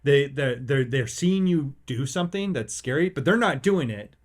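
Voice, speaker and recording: A man's voice: mid-range voice, normal speed. Male podcast host, thirties, chatty and restless, often restarts his sentences. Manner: rambling, excitable, many restarts. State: emotional. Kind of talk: casual chat.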